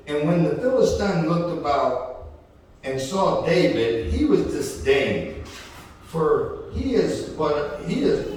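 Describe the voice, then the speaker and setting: Folksy preacher in an echoing church. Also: male voice, medium pitch, a little mellow, slight background noise. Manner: folksy, conversational, keeps asking "right?" and "okay?". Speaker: pastor. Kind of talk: sermon. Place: church sanctuary. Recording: echoey church hall from far off.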